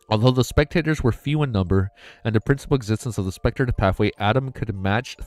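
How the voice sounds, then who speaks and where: A man's voice: medium pitch, lively intonation, moderate pace, a little mellow, dry recording. Male streamer reading a novel live, emotional and slangy, trips over words, faint music underneath. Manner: emotional, stumbling over words, laughing at own misreads; casual, slangy, says man and dude a lot. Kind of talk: live-stream read-aloud with chat.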